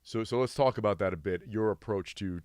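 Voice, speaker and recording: A man's voice: fairly low pitch, a little fast, darkish tone, clean tone, no echo. A man hosting a podcast interview, asking questions and giving brief affirmations. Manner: brief backchannel replies. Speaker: podcast host.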